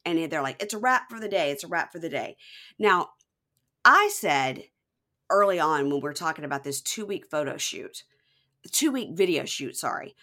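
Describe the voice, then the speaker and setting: A woman's voice: low-pitched, expressive, normal speed, bright, forceful tone. A woman in her forties co-hosting a casual chat, recapping a reality show and acting out quotes in exaggerated voices. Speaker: podcast co-host.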